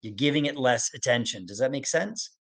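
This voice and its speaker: Middle-aged male expert, gentle webinar lecture, repeats key points, asks if it makes sense. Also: medium pitch, animated. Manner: explains slowly with repeated phrases and acted examples; gentle, checks in with listeners. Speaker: autism expert presenting a webinar.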